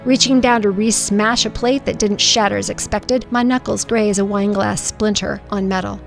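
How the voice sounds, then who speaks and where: Gravelly-voiced woman narrating a memoir. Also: mid-range voice, fairly even intonation, moderate pace, soft background music. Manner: emotional, earnest storytelling with spoken sound effects. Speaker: podcast host reading her own story.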